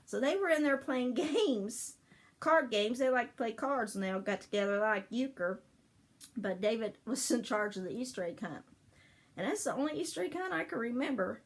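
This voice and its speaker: An older woman rambles casually through childhood family stories, often laughing as the memories come back, in a kind of memorial storytelling. Her voice is a little high and animated, with a moderate pace.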